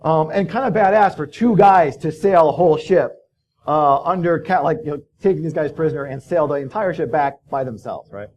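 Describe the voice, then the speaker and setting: A man with a voice on the high side and a darkish tone speaks briskly in a conference hall. He's a conference speaker giving a casual talk, telling stories loosely and profanely with many fillers.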